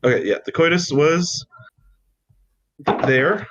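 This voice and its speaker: A man's voice: on the high side, takes it slowly, a bit bright, low-quality recording. A young man co-hosting a podcast, talking casually and hesitantly with many restarts. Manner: hesitant, lots of fillers and restarts. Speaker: podcast co-host. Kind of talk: casual chat.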